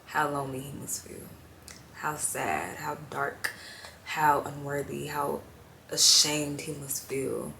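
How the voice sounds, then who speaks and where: A young woman talks straight to the camera in a slow, heartfelt confessional, her voice low and gravelly. She trails off into fillers and sounds tearful at times, with faint noise behind her. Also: sharp tone. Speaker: vlogger. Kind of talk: personal confessional talk to camera.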